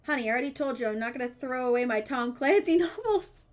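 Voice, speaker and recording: A high-pitched woman streams a dating game and reads the lines aloud, giggling often and dropping in goofy character voices. Her delivery is playful and casual. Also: expressive, fast talker, heavy background noise.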